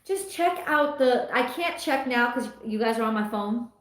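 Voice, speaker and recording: A woman's voice: a little high, animated, moderate pace, fairly bright tone. A middle-aged woman hosting a tarot livestream, chatting casually and reading viewer comments aloud with frequent laughs. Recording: echoey room.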